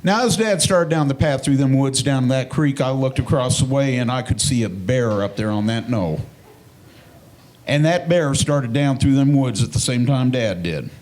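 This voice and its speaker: A man tells a stand-up comedy story in a folksy, plain-spoken way. His pitch sits mid-range but rises and falls a lot. He delivers his punchlines deadpan. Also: moderate pace.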